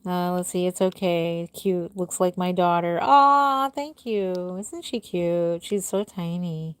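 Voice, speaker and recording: Her tone is clean, with no echo, as this middle-aged woman unhurriedly hosts a home live stream about the reborn dolls she makes. Chatty and attentive, she answers comments viewer by viewer, and her thoughts tend to end on a soft, low note.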